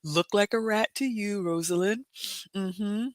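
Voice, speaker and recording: A woman hosting a casual livestream, reading viewer comments and telling a story with loud exclamations and hushed asides. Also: mid-range voice, unhurried, no echo. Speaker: livestream host.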